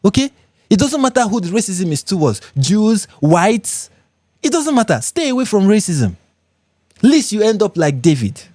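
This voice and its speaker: A man's voice: sits high, very animated, moderate pace, darkish tone, dry recording, studio quality. A man with a Nigerian accent hosting a live reaction stream, reading viewer comments aloud and commenting on them emphatically, often repeating phrases for effect. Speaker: livestream host.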